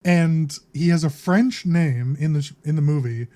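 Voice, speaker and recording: A man's voice: on the high side, normal speed, dark tone. A man co-hosting a casual podcast chat about movies, chatty and laughing often. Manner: chatty, laughs often, quotes lines in put-on voices. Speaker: podcast co-host.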